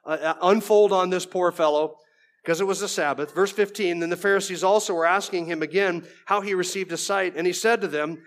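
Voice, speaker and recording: A man's voice: sits high, steady tone, fairly quick, a bit bright. A man preaching an expository sermon verse by verse, conversational, with folksy asides and frequent restarts.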